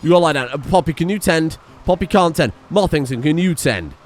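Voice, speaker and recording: A man's voice: a little high, animated, fairly quick. Man panicking through a chaotic game. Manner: swears and panics, swinging from mutters to yelps. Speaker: gaming streamer. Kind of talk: live gameplay commentary.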